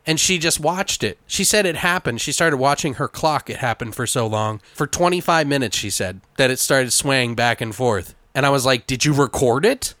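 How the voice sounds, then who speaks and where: A man hosting a podcast, telling a story in casual chat, animated and trying not to swear. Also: medium pitch, moderate pace, few pauses, dry recording. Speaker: podcast host.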